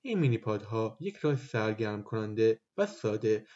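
A man's voice: lowish voice, very animated, racing, warm tone, muffled recording. A man reading a short scripted intro for a lesson podcast. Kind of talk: scripted announcement.

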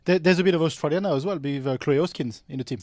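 A man hosting a podcast, briskly asking questions in a casual tone. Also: a little high, darkish tone, dry recording, studio quality. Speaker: podcast host.

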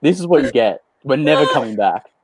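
A man on a sports panel, telling jokes in a dry, deadpan way. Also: medium pitch, brisk, a loud crowd. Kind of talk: casual panel chat.

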